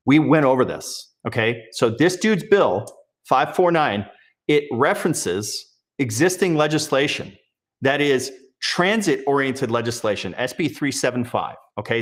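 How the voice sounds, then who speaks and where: A man talks through news clips in a heated, scornful way. His voice sits a little high and swings widely, jumping up and down in pitch as he argues. He keeps pushing his point hard. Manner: heated, scornful, mocks others in put-on voices. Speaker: commentary host. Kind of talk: political commentary reacting to clips.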